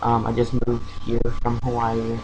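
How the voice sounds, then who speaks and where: A young man speaking casually into his camera at home, telling a personal story with many pauses, fillers and restarts. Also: mid-range voice, monotone, noisy background. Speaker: vlogger.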